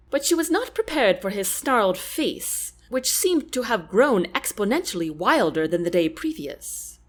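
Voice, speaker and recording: A woman narrating a fantasy audiobook with expressive storytelling. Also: medium pitch. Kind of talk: scripted narration.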